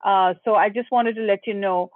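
A host runs through group announcements in a businesslike way, pausing on fillers. The voice comes over a video call and sounds dry and narrow, like a phone line. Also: medium pitch, steady tone, no room sound.

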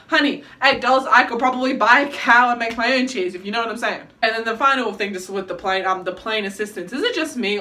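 A woman chatting to camera in a casual vlog, telling stories in an animated, dramatic, self-mocking way. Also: fairly high pitch, far from the mic. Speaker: vlogger.

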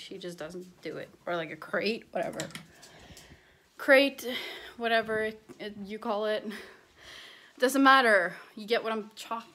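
A woman's voice: medium pitch, fairly bright tone. Young American woman, casual vlog ramble, filler-heavy; roomy echo, distant mic, faint noise. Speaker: vlogger. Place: home, indoors. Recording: echoey room, mic at a distance.

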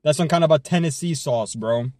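A man streaming himself eating fast food, joking around, swearing often, and humming between bites. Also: on the high side, darkish tone, no room sound, studio quality. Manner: hyped, joking, swears a lot, chews and hums between bites.

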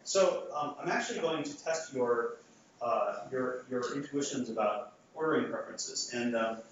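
A man's voice: mid-range voice, normal speed, slight background noise. Man lecturing in an echoey hall. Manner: conversational, frequent restarts and fillers. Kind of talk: academic lecture with audience polling. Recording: echoey hall, far from mic, dull sound.

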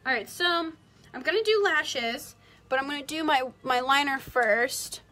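A woman's voice: high-pitched, unhurried, very noisy. A young woman chatting her way through a makeup tutorial livestream from home, rambling and saying "like" constantly. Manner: chatty, rambling, heavy use of "like". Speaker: beauty vlogger.

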